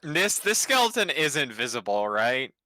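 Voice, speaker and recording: A young man, a player in a tabletop game, asking quick, eager questions. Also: mid-range voice, very animated, sharp tone. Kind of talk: casual tabletop game chat.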